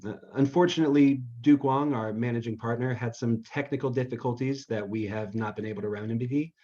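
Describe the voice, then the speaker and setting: A man's voice: mid-range voice, fairly even intonation, a little fast, warm tone, highs cut off. A man moderating a conference session who introduces the next speaker, loosely and with frequent "um"s.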